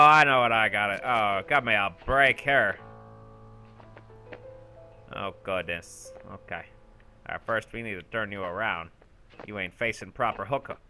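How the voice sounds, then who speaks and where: A man giving goofy, boastful let's-play commentary, shouting when excited, with game music behind. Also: mid-range voice. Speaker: gaming channel host.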